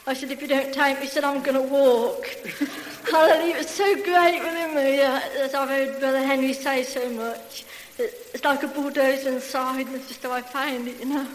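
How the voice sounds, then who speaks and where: A woman's voice: sits high, steady tone, moderate pace. Effusive woman testifying in an echoey hall. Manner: effusive, bubbling with hallelujahs and laughter. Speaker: member giving a testimony. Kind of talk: church testimony. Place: large hall. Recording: echoey hall with faint hiss.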